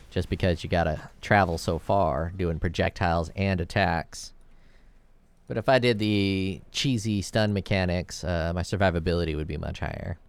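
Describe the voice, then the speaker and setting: A man's voice: sits low, clean tone. A man giving casual gameplay commentary, thinking aloud as he plays and rambling into jokes with the odd curse. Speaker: gameplay video creator.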